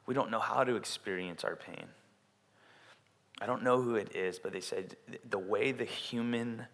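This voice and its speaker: A man preaching a sermon in a casual, animated way, acting out quotes as he tells stories. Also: fairly low pitch, moderate pace. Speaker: pastor. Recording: long hall reverb.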